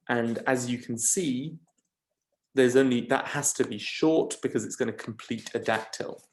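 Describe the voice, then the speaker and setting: A man gives a lesson at a slow, unhurried pace. He works through each step patiently, drawing out single syllables as he goes. His pitch sits in an ordinary middle range. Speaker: teacher. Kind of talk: lecture on scanning Greek verse.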